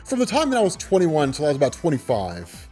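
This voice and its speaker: A man in his twenties telling a story on his own channel in a loose, animated way, laughing often and swearing freely. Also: on the high side, quick pace, faint music behind. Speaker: vlogger. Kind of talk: casual storytelling.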